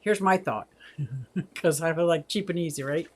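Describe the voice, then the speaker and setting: A woman's voice: low voice, moderate pace. Woman in her sixties, livestream host, chatty, laughs a lot, reads comments aloud. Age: 60s. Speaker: aquarium channel host. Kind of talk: casual livestream chat.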